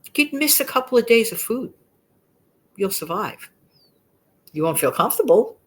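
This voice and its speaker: A woman's voice: fairly high pitch, sing-song, normal speed, breathy edge. A woman in her sixties with a New York accent, chatting to camera in a rambling, emphatic way as a frugal living vlogger. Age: 60s. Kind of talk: casual chat to camera.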